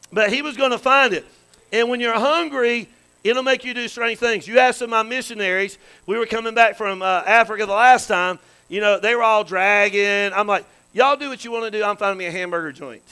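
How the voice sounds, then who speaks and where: A man's voice: high-pitched, bright, forceful tone, smooth, low-quality recording. A man pastor preaching a folksy sermon, calling out to the congregation with frequent amens and questions. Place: church sanctuary.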